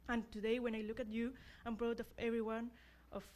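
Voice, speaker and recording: A woman's voice: on the high side, level tone, quick pace, a little mellow. A young woman who is not a native English speaker, giving an earnest, self-deprecating graduation speech as class representative.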